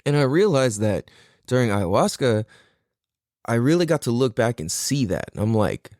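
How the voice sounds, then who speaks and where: A man's voice: mid-range voice, big pitch swings, normal speed, a little mellow, dry recording, studio quality. A man hosting a podcast alone, talking casually in a rambling, profane, self-deprecating way. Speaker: podcast host. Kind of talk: casual solo podcast monologue.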